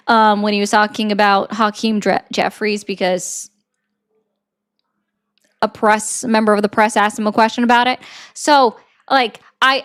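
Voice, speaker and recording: Woman commentator lecturing, fast bursts, kinda high voice. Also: fairly bright tone. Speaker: political commentator. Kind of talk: argumentative commentary.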